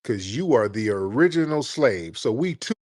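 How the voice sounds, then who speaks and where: A man hosting a live call-in stream, arguing back at callers with rapid-fire mocking insults. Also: mid-range voice, sing-song, a little mellow, no room sound, studio quality. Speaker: host.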